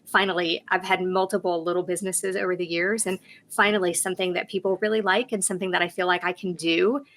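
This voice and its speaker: A woman's voice: fairly low pitch, level tone, fast talker, a bit bright, a little hiss or hum. A woman entrepreneur, a guest on a talk show, earnestly explaining her business. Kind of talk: interview explanation.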